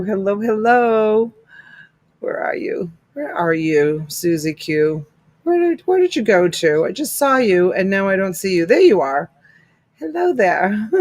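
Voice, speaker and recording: A woman's voice: lowish voice, no room sound. A woman hosting a casual live stream, chatting and laughing as she greets viewers by name. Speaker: livestream host greeting viewers.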